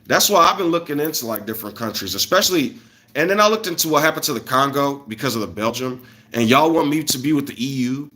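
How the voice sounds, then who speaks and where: A young man from Illinois ranting casually on a livestream, loose and animated, jumping from loud bursts to muttered asides. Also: medium pitch, fast. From Illinois, USA. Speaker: streamer.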